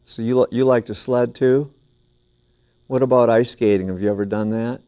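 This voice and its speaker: A man hosting a children's TV show in a small studio, singing and chatting playfully and gently with young viewers and a puppet duck. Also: mid-range voice, steady tone, moderate pace. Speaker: children's TV host.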